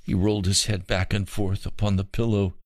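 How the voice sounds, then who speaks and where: A man narrating a Christian story in an earnest, measured way. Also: on the low side, little pitch movement, no room sound, studio quality.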